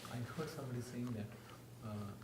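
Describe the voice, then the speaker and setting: A man in the audience asking a question hesitantly, with many pauses. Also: mid-range voice. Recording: roomy and noisy, off-mic.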